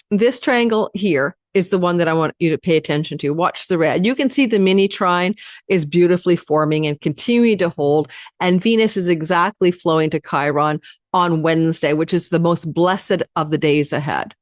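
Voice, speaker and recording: Fast-talking woman astrologer, low dry voice. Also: dry recording. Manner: addresses viewers directly. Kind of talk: weekly astrology forecast.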